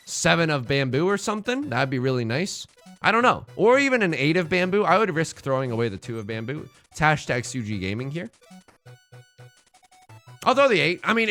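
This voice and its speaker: A young man with a fairly high, bright voice chats over his game stream, bouncing his pitch all over as he jokes and rambles. Faint music plays behind him. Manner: joking, rambling, playful. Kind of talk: casual live-stream game commentary.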